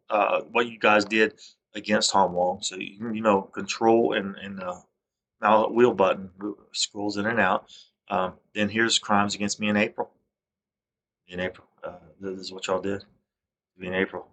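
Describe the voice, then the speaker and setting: A male vlogger rants over a screen recording in an aggrieved, rambling monologue, agitated and repetitive, constantly stopping and starting over. His voice is lowish with a fairly bright tone.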